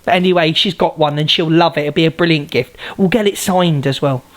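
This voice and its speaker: A woman's voice: low voice, a little fast, a little hiss or hum. A woman hosting a live stream, chatting casually, swearing freely and calling out greetings to viewers. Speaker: livestream host.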